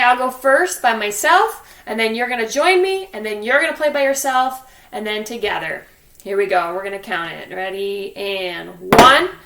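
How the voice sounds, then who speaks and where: A woman's voice: on the high side, echoey room, very noisy. A woman teaching a drum lesson to young students, counting aloud and encouraging them step by step. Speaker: music teacher. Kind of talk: online drum lesson for children. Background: drumstick clicks on a practice pad.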